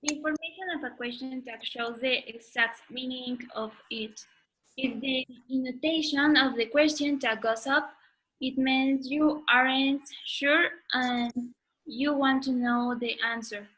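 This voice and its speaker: A woman student reads a grammar passage aloud, pausing and correcting herself. Her voice is high and bright. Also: fairly even intonation, poor audio. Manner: reading aloud haltingly.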